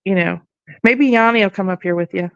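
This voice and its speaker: A woman chatting casually with a friend, mostly in short, quiet replies. Her voice is smooth and clear, but the recording sounds dull and a little far off. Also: mid-range voice, brisk, no echo. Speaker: friend of the host. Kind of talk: casual chat.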